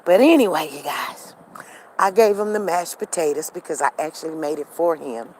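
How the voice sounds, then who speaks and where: A woman's voice: sits low, lively intonation, moderate pace, a little mellow, a little hiss or hum. Chatty middle-aged woman telling a story. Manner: chatty, laughs often, speaks directly to viewers. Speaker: vlogger telling a home story. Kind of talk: casual storytelling to viewers.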